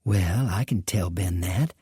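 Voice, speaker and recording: Courteous businesswoman of the saloon, read by a man; low-key, mellow, gentle. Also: a little slow, breathy edge, no room sound, clean studio sound, exaggerated voice. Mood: gracious. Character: gracious woman saloon partner.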